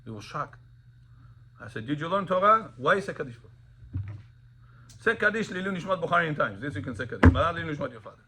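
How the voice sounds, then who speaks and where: A male rabbi teaching a class on Sabbath laws to students. He quizzes them, tells lively anecdotes, and switches between languages. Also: on the high side, quick pace, long pauses, background noise. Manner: animated storyteller, quizzes students, mixes in Russian and Hebrew.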